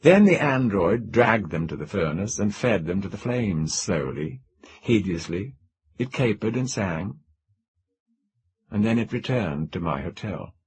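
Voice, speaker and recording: A man reading a science fiction story aloud as an audiobook narrator, with a dramatic, expressive delivery. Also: lowish voice, unhurried. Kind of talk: scripted narration.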